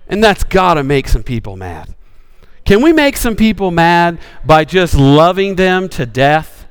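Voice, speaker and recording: A male pastor preaching with passion, swinging from bold rises to sudden hushed drops. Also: a little high, very animated, a little slow, smooth, long reverb tail. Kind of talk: sermon.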